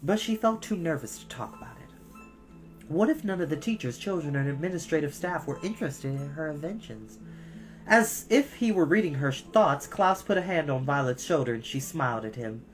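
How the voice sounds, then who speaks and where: A storyteller reading a children's book aloud, pausing to cough and apologize. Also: medium pitch, faint music behind. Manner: expressive, with frequent coughs and apologies.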